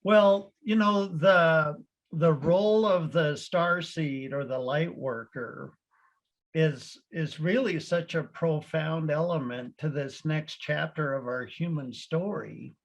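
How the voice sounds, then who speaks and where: A man's voice: on the high side, takes it slowly, rough recording. A man hosting an interview, asking questions in an earnest spiritual tone and repeating phrases as he goes. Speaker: host presenting the award.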